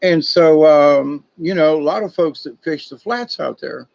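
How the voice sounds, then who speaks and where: Man, casual spiritual talk host, folksy and digressive, slightly raised pitch, dull lo-fi recording. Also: unhurried, gravelly, a little mellow. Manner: folksy, digressive, conspiratorial storytelling. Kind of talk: rambling casual monologue.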